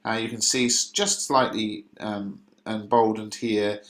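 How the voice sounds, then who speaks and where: A man teaching a lesson, explaining step by step in a patient way and pausing often to find his words. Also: fairly low pitch, fairly even intonation, roomy sound. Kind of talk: recorded classroom explanation.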